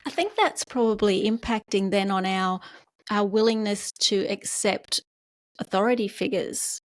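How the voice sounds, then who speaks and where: A woman podcast host interviewing a guest, speaking in a reflective, thoughtful way and giving soft murmurs of agreement. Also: mid-range voice, unhurried, no echo, clean studio sound.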